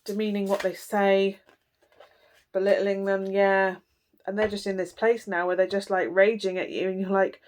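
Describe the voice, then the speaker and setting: A woman's voice: medium pitch, little pitch movement, moderate pace. A woman giving a casual tarot reading, talking bluntly and chattily with lots of fillers. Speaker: tarot reader.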